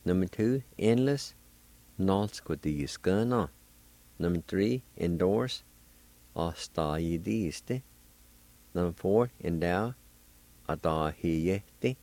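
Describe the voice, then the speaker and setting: A man hosting a radio language lesson, spelling words letter by letter and repeating each word slowly. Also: low voice, dark tone, no echo. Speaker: radio host teaching Cherokee words.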